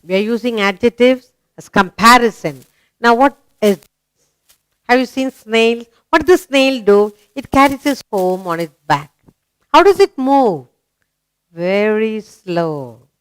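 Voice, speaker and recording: A woman teaches little children, slowly and patiently. Her voice is smooth and clear, recorded close and dry with no room sound. She asks many sing-song questions. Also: fairly high pitch, expressive, no room sound, low-quality recording. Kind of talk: children's grammar lesson.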